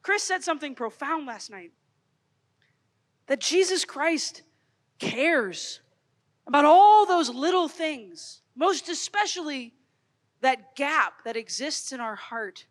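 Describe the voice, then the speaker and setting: A woman in her thirties speaks to young people in a storytelling way, building up loud and then dropping to a hush. Her voice sits high, and a long reverb trails behind her from a large hall. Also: slow pace, pauses often. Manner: expressive, storytelling, swings from loud to hushed. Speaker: speaker at youth conference. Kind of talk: animated Catholic youth talk.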